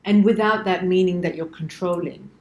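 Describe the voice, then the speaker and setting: Woman host, lowish voice, eager and affirming, lots of room echo. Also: normal speed, darkish tone. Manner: enthusiastic, affirming, asks probing questions. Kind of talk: conversational interview.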